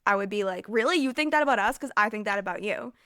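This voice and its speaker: A woman's voice: medium pitch, animated, quick pace, fairly bright tone, no echo, studio quality. A young American woman hosting a casual solo podcast, rambling and chatty with lots of fillers, overheated and a little scattered. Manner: rambling and chatty, heavy filler use, self-interrupting. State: overheated, distracted. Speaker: podcast host.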